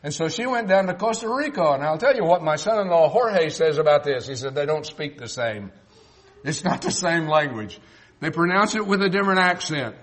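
A man's voice: fairly high pitch, animated, brisk, fairly bright tone. An older man from South Texas preaching a sermon, folksy and emphatic, mixing Bible argument with family stories.

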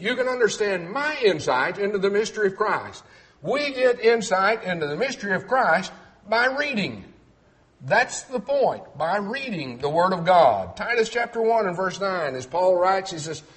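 A middle-aged man preaching a sermon in a folksy way, quoting scripture and mimicking other people's voices. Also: high voice.

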